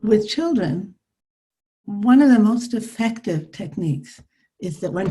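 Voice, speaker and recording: An older woman psychologist teaching a live online workshop over a video call, with a calm, soothing coaching manner. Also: mid-range voice, measured pace.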